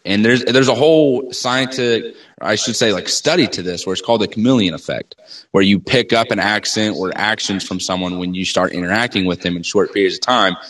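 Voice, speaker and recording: A man's voice: on the low side, a little fast, fairly bright tone. A man co-hosting a sports podcast, chatting in an easygoing way. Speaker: podcast co-host. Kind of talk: casual sports chat.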